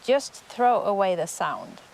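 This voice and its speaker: Slow, patient woman vocal coach. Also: medium pitch, very animated, vocal fry, slight background noise. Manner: slow, patient explaining with sung and barked demonstrations. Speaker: folk singer and vocal coach. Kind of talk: workshop teaching.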